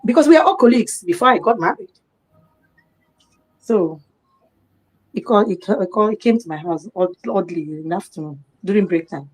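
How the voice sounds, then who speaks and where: A middle-aged Nigerian woman tells a long personal story in a live talk. She speaks in a Nigerian accent at an everyday pitch for a woman, with lively storytelling, and she puts on the voices of the people she quotes. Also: fairly quick, pauses often. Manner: animated, acts out the quoted voices of others. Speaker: guest on a live discussion program.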